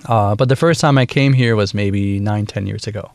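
A man in his thirties from Wisconsin with a Midwestern American accent, talking casually as a guest in a radio interview, relaxed and full of fillers. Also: on the low side, normal speed, dry recording. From Wisconsin, USA. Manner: relaxed, chatty, laughs easily, many fillers. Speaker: bandleader and woodwind player, guest.

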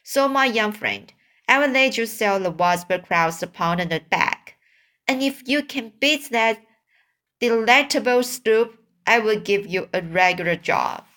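A woman's voice: on the high side, animated, unhurried, a bit bright. A woman voicing a grown man, a proud and fussy boat owner who grumbles and then turns hearty, in a storybook reading. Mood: grumbling.

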